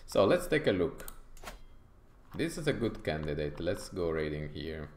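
A man's voice: deep voice, big pitch swings, measured pace, roomy sound. A man from Italy with an Italian accent, thinking aloud with frequent fillers as he comments on his strategy game playthrough. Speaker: gaming YouTuber.

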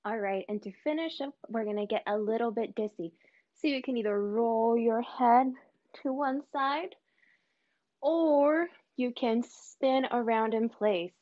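A woman teaching artist slowly counting and cueing a movement warm-up for children in an encouraging tone. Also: a little high, dull audio. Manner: slow, encouraging counting and cues. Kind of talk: guided movement warm-up for kids.

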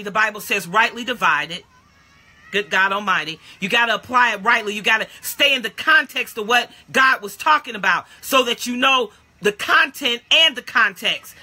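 A woman in her fifties preaching a sermon, emphatic and folksy, calling out to her listeners and bursting into shouts. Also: fairly high pitch. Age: 50s. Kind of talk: lively sermon teaching.

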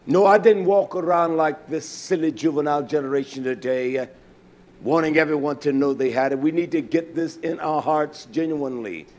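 A man preaching a sermon who repeats his points, fills pauses with "uh", and swings from loud, emphatic calls down to low, quiet asides. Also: gravelly. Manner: repetitive, with frequent "uh" fillers.

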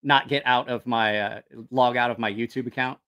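A man's voice: medium pitch, steady tone, moderate pace, bright, forceful tone, clean tone. A man hosting a casual live stream who rambles, swears freely and loses his train of thought. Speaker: knife channel livestream host. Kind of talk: casual livestream chat.

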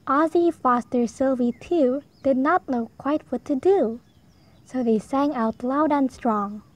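A woman reads a rhyming picture book aloud for small children. Her voice sits high, and she takes her time over each line. The rhymes come out in a gentle, sing-song read-aloud manner. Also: takes it slowly. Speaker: storybook reader. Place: home.

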